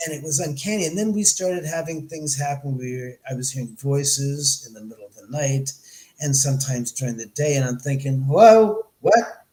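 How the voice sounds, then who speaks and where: A middle-aged man from Los Angeles, a podcast guest, telling a story in an animated way and acting out the people he quotes. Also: mid-range voice, a little fast. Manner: animated, acts out quoted dialogue. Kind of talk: storytelling in an interview. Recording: echoey room.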